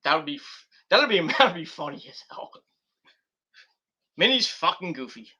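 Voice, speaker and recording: Guy rambling about wrestling, really bright tense voice, kinda high, lots of restarts. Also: big pitch swings, moderate pace, husky. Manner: rambling, giggly, many restarts and fillers. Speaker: wrestling show reviewer. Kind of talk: rambling casual commentary.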